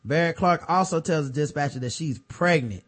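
A man in casual chat who reads a news story aloud and jumps into excited, animated outbursts. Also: on the high side, normal speed.

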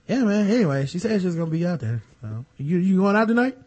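Animated high-voiced man chatting. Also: fast, hardly any pauses. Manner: animated storytelling, acts out quotes. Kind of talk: casual chat about basketball.

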